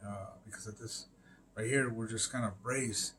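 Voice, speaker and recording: A man's voice: on the low side, steady tone, normal speed, fairly bright tone, a little hiss or hum. A man rambling through a casual monologue on a live stream, full of fillers, swearing and emphatic interjections.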